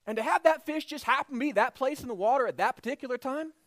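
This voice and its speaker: A man's voice: very high-pitched, fast, a bit bright, no echo. A man preaching a sermon in a church service, telling a story animatedly and acting out its voices. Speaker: pastor.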